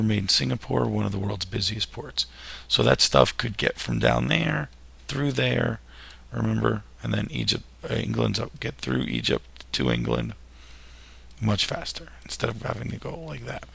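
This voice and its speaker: A man's voice: medium pitch, creaky, a bit bright, husky. A man teaching history in a recorded lecture over slides, with jokey, self-deprecating asides.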